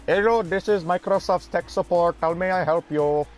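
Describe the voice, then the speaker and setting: A man voicing an impatient male phone tech support agent, speaking slowly and insistently and calling the caller sir. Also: high voice, soft background music, pitched above the performer's own voice, close to an everyday voice. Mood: pushy. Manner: slow, insistent, formal "sir" phrasing. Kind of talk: comic retelling of a phone call.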